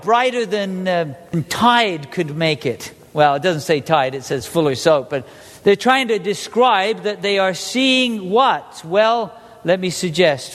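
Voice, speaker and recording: A man with a high voice preaches a sermon with lively energy, quizzing his congregation as he goes. His voice carries a long reverb, as if he were recorded in a large hall. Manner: animated, asks the congregation questions.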